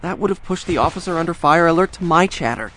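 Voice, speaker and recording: Brief: actor voicing an anxious young hacker, lively and fairly high voice, quick and jittery. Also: male voice, slight background noise. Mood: sheepish. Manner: jittery, talks fast when pressed. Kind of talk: audio drama acting.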